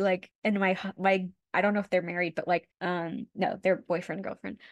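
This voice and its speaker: A woman's voice: on the low side, level tone, normal speed, few pauses, no room sound, studio quality. A young woman co-hosting a podcast, retelling a story in casual chat, full of "like" fillers and the odd swear word. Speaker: podcast co-host.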